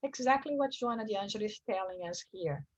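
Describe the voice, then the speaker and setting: Talking fast and animatedly over dull audio, a study group teacher earnestly reads religious passages and explains them. She performs the screams she quotes as sharp, high bursts.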